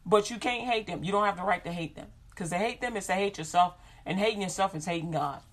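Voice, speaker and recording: A woman giving an informal sermon, animated, acting out quoted voices and laughing often. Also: medium pitch, fast.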